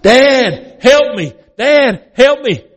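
A man's voice: medium pitch, animated, moderate pace, breathy edge. A man voicing a young boy pleading. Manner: pleading cries. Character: stubborn young boy, later trapped and pleading. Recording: long reverb in a large hall.

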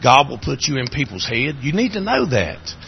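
A man with an Appalachian accent preaching a sermon, telling folksy stories in a voice that climbs high and cracks when he is moved. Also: sing-song, moderate pace, vocal fry, muffled recording, slight background noise.

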